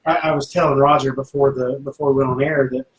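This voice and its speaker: A man's voice: mid-range voice, little pitch movement, fast. A man speaking as a paranormal investigator guest in casual chat, rambling with many fillers and restarts. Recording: roomy echo, faint background noise.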